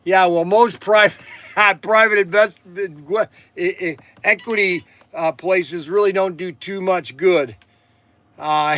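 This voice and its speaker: Middle-aged man, livestream shop host; high bright voice, rambling and chatty, dry close sound. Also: fairly even intonation, slow, dry recording. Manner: rambling storytelling with frequent restarts and fillers. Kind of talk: casual livestream chat.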